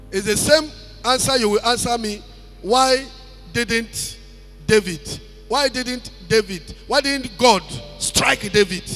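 A man's voice: high-pitched, fairly bright tone. A man preaching a sermon, emphatic, repeating his phrases and calling out praise between points. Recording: long hall reverb.

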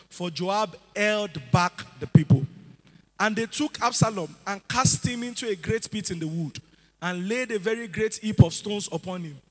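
A man preaching a sermon to a church, animated and sing-song, at times rising to shouts. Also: high-pitched. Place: church hall. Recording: echoey hall with music behind.

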